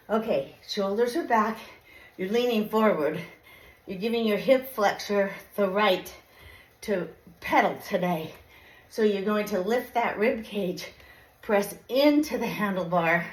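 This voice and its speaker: A woman fitness instructor coaching a workout while riding a stationary bike, a little out of breath, giving encouraging step-by-step cues. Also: mid-range voice. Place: home exercise bike. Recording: echoey room.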